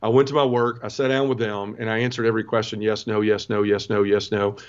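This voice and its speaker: A man's voice: fairly low pitch, little pitch movement, fast, clean tone, muffled recording. A middle-aged man from the American South telling an emotional personal story as an interview guest, earnest, with many restarts. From Southern United States.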